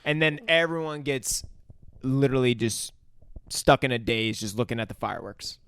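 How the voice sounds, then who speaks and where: A man co-hosting a podcast, chatting about a movie in a profane, excitable way. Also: mid-range voice, normal speed, clear, resonant tone, no room sound. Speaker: podcast co-host. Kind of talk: casual movie recap chat.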